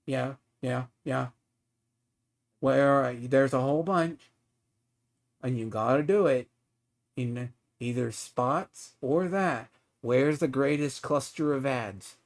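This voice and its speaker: A man's voice: mid-range voice, slow, long pauses. A man streaming a game, ranting at another player in a profane, taunting, mocking way. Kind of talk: heated live-stream rant at a player.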